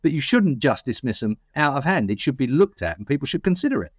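A man's voice: medium pitch, sing-song, fast, no echo. Opinionated British man, dry close sound. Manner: opinionated, rambling storyteller. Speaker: podcast co-host. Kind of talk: casual chat.

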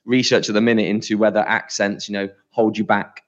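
A man's voice: lowish voice, little pitch movement, a little fast. A man from Britain co-hosting a podcast, chatting casually and rambling through restarts and fillers. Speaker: podcast co-host. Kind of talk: casual chat. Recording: dull lo-fi sound.

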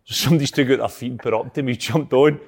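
A man's voice: mid-range voice, rapid-fire, darkish tone, husky. A man with a Scottish accent, a former footballer telling a rambling, laughing anecdote in casual chat. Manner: rambling storyteller, laughs through tales. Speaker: former footballer, panel guest.

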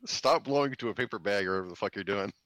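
A man's voice: fairly low pitch, very fast, a bit bright, dry recording. A young man in casual chat with friends, laid-back and laughing often.

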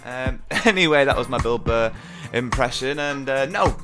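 A man's voice: medium pitch, animated, normal speed, over music. A man hosting a fan podcast, chatting in a jokey, rambling way. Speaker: podcast host. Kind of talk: casual podcast chat.

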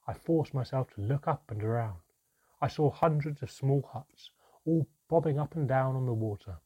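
A man narrating a fantasy story in the first person, measured and suspenseful, sometimes dropping to a whisper. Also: mid-range voice, a little mellow, slightly rough. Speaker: audiobook narrator. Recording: dry, slightly dull audio.

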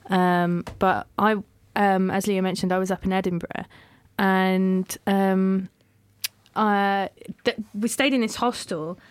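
A woman's voice: mid-range voice, little pitch movement, takes it slowly, smooth, no echo. A woman telling a travel story in casual chat, hesitating with "um" and laughing often.

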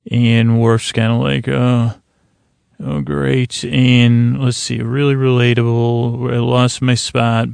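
A podcast host gives a relaxed, meandering episode recap, rambling and hesitant with lots of fillers and restarts. His voice is gravelly, medium-pitched and fairly monotone, taken slowly, and the sound is close and dry with no room sound.

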